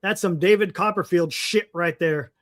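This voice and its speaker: A man's voice: sits high, moderate pace, fairly bright tone. Groaning exasperated male co-host. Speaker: sports talk co-host. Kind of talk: live sports talk stream.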